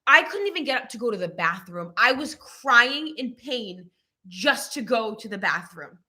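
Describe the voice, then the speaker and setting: A woman's voice: on the high side, big pitch swings, moderate pace, bright, forceful tone. A young woman vlog host chatting casually and emphatically about her experience. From Rhode Island, US. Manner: emphatic, dramatic. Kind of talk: casual chat.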